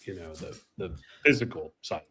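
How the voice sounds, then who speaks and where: A man chatting casually as a show co-host, telling animated flying anecdotes and acting out the people in them. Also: low voice, moderate pace. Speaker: co-host, former flight instructor. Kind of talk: casual storytelling chat.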